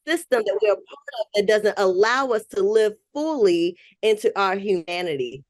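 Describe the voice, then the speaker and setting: A woman therapist speaks in a reflective way at an ordinary pitch. She thinks aloud, restarting her sentences now and then. The recording is dry and close. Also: animated, normal speed, no echo. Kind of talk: podcast conversation.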